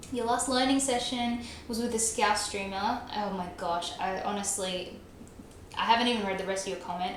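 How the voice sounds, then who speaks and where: A young woman livestreaming a game, chatting casually with her chat, self-mocking and laughing often. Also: mid-range voice. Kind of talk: casual chat while gaming, reading chat. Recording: very echoey room, faint noise.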